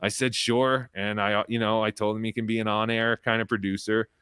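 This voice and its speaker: A man's voice: fairly low pitch, flat delivery, a little fast, a bit bright, clear, resonant tone, dry recording, clean studio sound. A man guesting on a casual live-stream interview, a rambling, profane comedian who tells long anecdotes.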